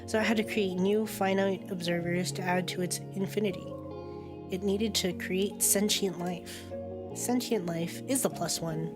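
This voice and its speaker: A woman's voice: mid-range voice, steady tone, measured pace, over music. A woman streaming a narrative game, reading its text aloud and reacting with chatty commentary, laughing often and swearing casually.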